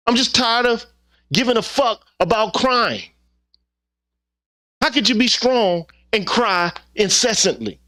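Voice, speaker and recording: A man's voice: very high voice, animated, slow, long pauses, pushed and bright. A man hosting his own channel, delivering a heated opinion monologue with profanity and repeated rhetorical questions. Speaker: channel host.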